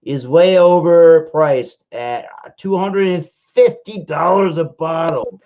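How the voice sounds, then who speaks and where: A man's voice: fairly high pitch, slow. A man hosting a casual beer review livestream, calling out to a guest whose audio has dropped. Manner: repeats a guest's name to check the line. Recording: dull lo-fi stream audio.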